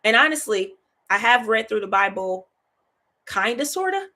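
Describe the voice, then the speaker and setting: A woman hosting a Bible study in a casual, chatty teaching style. She is animated, laughs often, keeps asking "right?" and repeats phrases for emphasis. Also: fairly high pitch, moderate pace.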